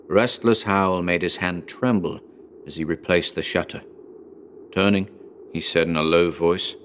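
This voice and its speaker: Low-voiced man narrating a horror tale. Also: a little hiss or hum. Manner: measured, deliberate reading. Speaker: podcast host and narrator. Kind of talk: scripted horror story narration.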